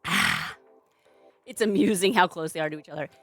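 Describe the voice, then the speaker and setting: This young adult woman, a streamer and balloon artist, chats casually and playfully while live at home, with faint music in the background. Her voice sits on the low side, creaky yet fairly bright, moving at normal speed as she lapses into sing-song baby talk with her cat.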